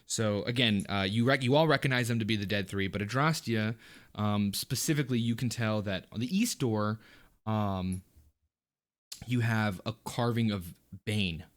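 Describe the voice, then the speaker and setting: Hesitant low-voiced man running a tabletop game. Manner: halting, full of fillers and restarts. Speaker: dungeon master.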